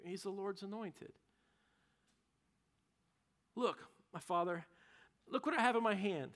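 A man voicing a humble young warrior who pleads earnestly with his king, in a high voice. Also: moderate pace, a bit bright.

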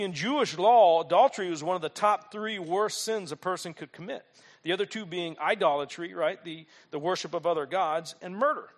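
Animated, high-voiced male preacher. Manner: animated, humorous storytelling with rhetorical questions. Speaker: pastor. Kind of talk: sermon.

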